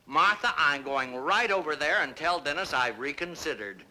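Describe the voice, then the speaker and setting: A man's voice: on the high side, expressive, normal speed, pushed and bright, poor audio. An actor voicing a fussy, grumpy older male neighbor in a cartoon, blustery and exasperated. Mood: pompous. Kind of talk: cartoon voice acting.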